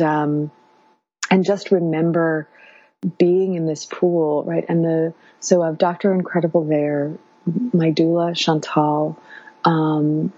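Sharing her birth story as an interview guest, this woman in her thirties wanders casually through it with plenty of fillers. Her voice sits low, creaky and warm with a slightly rough texture, and the recording sounds dull and lo-fi.

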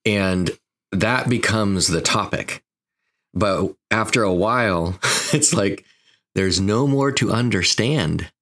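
A man's voice: fairly low pitch, takes it slowly, fairly bright tone. A man co-hosting a podcast, chatting casually about his therapy work. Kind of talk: casual banter.

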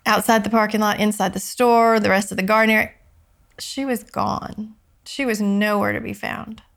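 On an interview show, a woman guest slowly and softly tells a personal story, her voice dropping low and tearful when she's moved. Her delivery is flat, with vocal fry.

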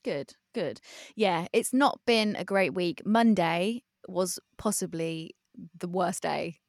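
A young woman, co-hosting a casual sports podcast, chatty and quick to laugh, a self-described sports novice. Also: on the low side, dry recording, studio quality. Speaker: podcast co-host.

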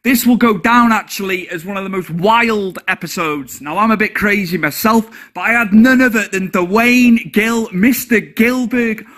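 A man with a high, bright voice introduces a wrestling podcast episode. He heaps enthusiastic praise on his guest. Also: moderate pace, few pauses. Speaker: podcast host.

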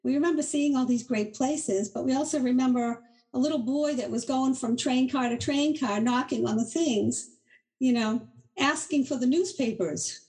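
A middle-aged woman from Boston, a guest on an interview show, telling stories in an animated, chatty way and often laughing through them. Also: sits high, normal speed, rough recording. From Boston, USA. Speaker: inventor, guest. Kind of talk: casual interview storytelling.

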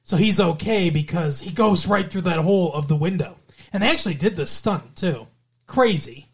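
A man's voice: high voice, animated, normal speed, slightly rough. A man co-hosting a podcast in casual chat, joking crudely and laughing at his own jokes. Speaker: podcast co-host.

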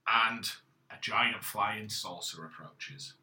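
A man's voice: fairly low pitch, takes it slowly, sharp tone. A man co-hosting a podcast, casually recapping a story with dry, matter-of-fact asides. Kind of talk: casual chat. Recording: echoey room.

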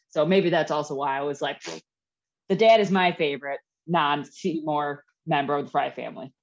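A woman's voice: low voice, normal speed. Chatty woman, lo-fi podcast sound. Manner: rambling, peppered with "like". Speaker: podcast co-host. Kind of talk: casual chat. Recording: dull lo-fi sound.

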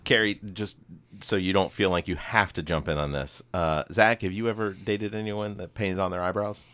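Man, podcast co-host, casual chat, halting restarts, playful, lowish bright voice, dry sound. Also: steady tone, clean tone, no room sound.

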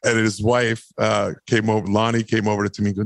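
A man, an actor and podcast guest, telling a long personal story in a lively, rambling way. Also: on the low side, brisk, creaky, few pauses, dry recording. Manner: animated, rambling anecdotes. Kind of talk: casual storytelling.

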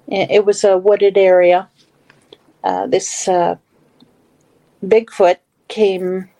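A middle-aged woman from the Western Pennsylvania or Ohio area tells a personal story as a guest in a casual conversation, full of fillers and restarts. Her mid-range voice is mellow, and the audio quality is poor.

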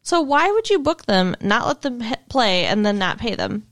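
Woman, podcast co-host, animated and laughing, dry booth sound. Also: a little high, moderate pace, no echo. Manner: laughs often, swears casually. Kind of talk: casual chat recapping a TV episode.

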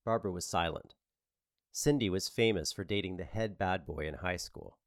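A man narrating a novel as an audiobook, with a wry, lively storytelling manner. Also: low voice, moderate pace, no echo, clean studio sound.

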